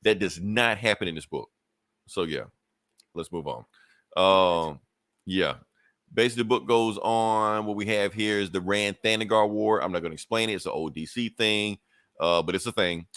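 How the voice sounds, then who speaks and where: Casual podcast co-host, male, lowish voice, dry close mic, profane and loose, recaps comic plots. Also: normal speed, fairly bright tone, dry recording. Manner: loose and profane, acts out characters' lines with laughs.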